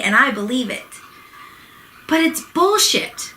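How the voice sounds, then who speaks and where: A woman's voice: medium pitch, expressive, measured pace, pushed and bright, slight background noise, rough recording. A woman vlogging a heated personal rant to camera, swearing and exasperated, worked up and close to tears.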